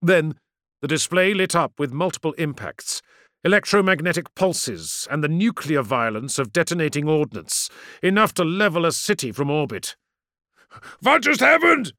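A man's voice: on the high side, animated, normal speed, a bit bright, no room sound, clean studio sound. A man reading a science fiction audiobook in a dramatic, vivid narration style.

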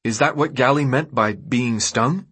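A man's voice: mid-range voice, measured pace, a bit bright, breathy edge. A man doing a confused newcomer teen boy. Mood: bewildered.

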